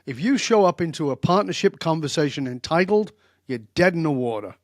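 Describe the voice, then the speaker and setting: A man's voice: on the high side, a little fast, dry recording, studio quality. An older man telling stories in a direct, emphatic way as a guest in a podcast interview. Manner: direct, emphatic, animated storyteller. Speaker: guest expert.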